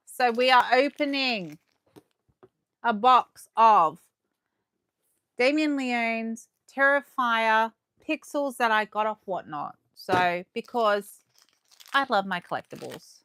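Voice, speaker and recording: A woman chatting excitedly to viewers as she unboxes collectibles live, her voice going a little hoarse. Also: mid-range voice, slow pace. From Australia. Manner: chatty and excitable, gasping and laughing, talking to viewers. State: losing her voice. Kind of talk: casual live unboxing chat.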